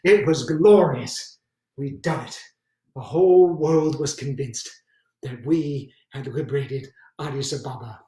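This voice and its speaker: A man's voice: medium pitch, unhurried, dark tone, natural voice. A brash, scheming British officer narrates his exploits with theatrical flair, as a man acts him out. It is a one-man stage monologue, picked up from far off in a space with heavy reverberation. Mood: boastful. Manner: theatrical, with swings between exasperation and boastful narration. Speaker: solo stage performer.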